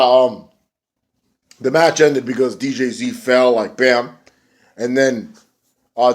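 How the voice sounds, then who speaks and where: Guy rambling through a wrestling recap on camera, cussing, loose and chatty, mid-pitched voice. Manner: animated, does loud mocking voices for wrestlers. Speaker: wrestling reviewer. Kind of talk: casual video review, profane. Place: indoors, rain heard outside.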